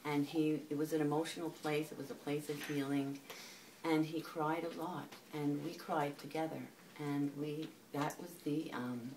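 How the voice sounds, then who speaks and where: A woman with a very low voice remembers a friend slowly and gently. She is far from the microphone, with clear room noise around her. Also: fairly even intonation. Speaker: friend speaking at a memorial. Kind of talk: reflective remembrance. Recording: distant with clear background noise.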